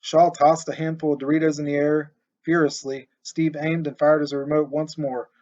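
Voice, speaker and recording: A man narrates an audiobook in a steady, expressive voice that sits a little high for a man. The recording is muffled and lo-fi, with dull treble. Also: moderate pace.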